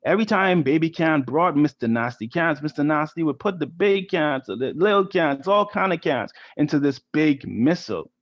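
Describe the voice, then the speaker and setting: A man's voice: fairly high pitch, animated, normal speed, hardly any pauses, dull audio. A man from the Bahamas, a volunteer art teacher, reading a story to children over a video call in a chatty way, often asking "right?". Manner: chatty, asks the kids "right?". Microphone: computer mic on a video call.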